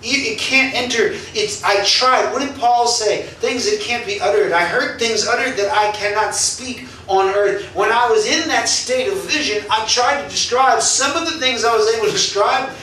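High, bright-voiced male pastor, echoey hall. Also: moderate pace, few pauses, a little hiss or hum. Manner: animated, laughing often while telling stories. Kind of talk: sermon with personal storytelling. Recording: echoey church hall, mic at a distance.

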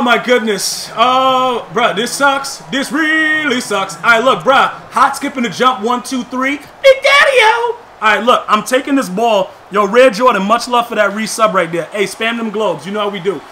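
A man calling his own game live in a very high, sharp-edged voice, full of slang and trash talk. He swings from muttered play calls to loud shouts at big plays. The delivery is loose and excitable. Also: slight background noise. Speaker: gamer. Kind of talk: live gameplay commentary.

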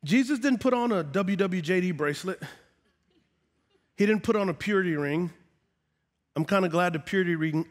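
A middle-aged man preaching a sermon as pastor, talking straight to the congregation and rising to loud, emphatic peaks. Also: fairly high pitch. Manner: preachy, builds to shouting, call-and-response asides. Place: large church sanctuary. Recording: long hall reverb.

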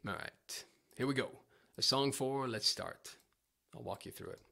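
A man's voice: medium pitch, measured pace, gravelly, sharp tone. A man teaching guitar on a casual livestream, chatty, rambling and self-deprecating.

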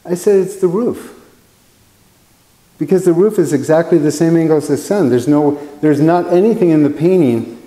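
His voice a little high and warm, a painting instructor chats casually and digressively, recounting stories and dramatizing the quotes. The recording carries a roomy hall reverb.

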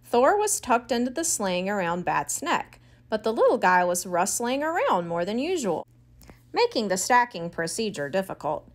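In a medium-pitched voice at an ordinary pace, a woman narrates an audiobook for children. Her delivery is clear, expressive, and storyteller-like.

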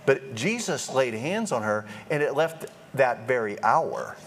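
A man preaching a sermon in a lively, joking way, acting out quoted voices as he goes. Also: medium pitch, a little slow.

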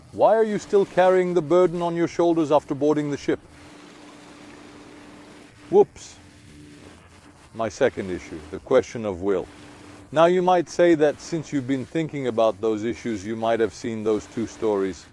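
A man telling a spiritual story, moving between hushed passages and emphatic exclamations. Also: medium pitch, a little hiss or hum.

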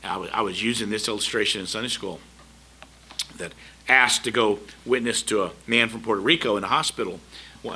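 A middle-aged man preaches from the pulpit in a very bright, forceful voice. He drives his points home with repeated rhetorical questions and an earnest, emphatic delivery. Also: on the low side, breathy edge. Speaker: pastor. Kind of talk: sermon. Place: church sanctuary.

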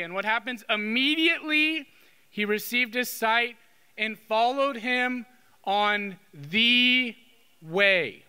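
A man's voice: sits high, lively intonation, takes it slowly, pushed and bright, smooth. A man preaching a sermon as a Catholic priest, talking in a conversational way and often checking in with "okay?". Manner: conversational, with frequent "okay?" tag questions. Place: church. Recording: long reverb of a church hall.

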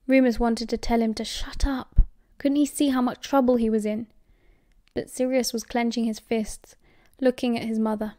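A woman with a British accent narrating an audiobook in a steady, measured way. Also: a little high, no room sound, studio quality. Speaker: audiobook reader.

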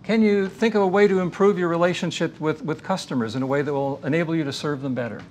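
A man giving a faith-based lecture in an earnest, measured teaching manner, weaving in stories. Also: a little high, a little mellow, slight background noise.

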